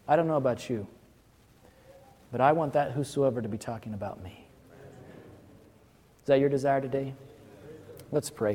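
A male pastor preaching a sermon with passion, his voice swelling and then dropping to a hush. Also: medium pitch, moderate pace, pauses often, husky, long reverb tail. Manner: impassioned preaching, rising and falling, hushed at the close.

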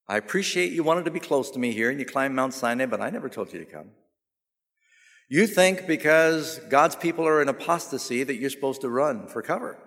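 A man preaching a sermon, telling stories with humor and rising to emphatic, animated delivery. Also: medium pitch, normal speed. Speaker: pastor. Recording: long hall reverb.

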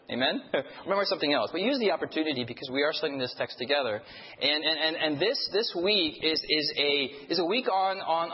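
A fairly high-voiced man preaches and leads scripture recitation, tripping over restarts and dropping playful asides. His voice rings with a long hall reverb, and the audio sounds a little dull. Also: slightly rough. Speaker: pastor.

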